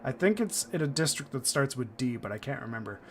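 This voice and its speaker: A man's voice: mid-range voice, animated, a little fast, background noise. A man from Indiana chatting casually over a game playthrough, rambling and joking with frequent swearing. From Indiana, USA. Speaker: gaming streamer. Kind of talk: casual let's-play commentary.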